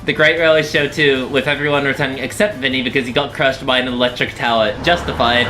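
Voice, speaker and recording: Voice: medium pitch, fairly even intonation, quick pace, music in the background. A streamer casually chatting with viewers while playing a game, rambling and often breaking off mid-sentence. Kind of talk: casual live-stream chat.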